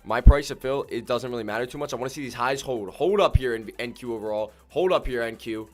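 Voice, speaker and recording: A man streaming his day trading live, slangy and excitable, swinging between calm muttering and loud whoops as he talks to his viewers. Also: mid-range voice, fast talker, soft background music. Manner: slangy, keeps addressing viewers as ladies and gentlemen.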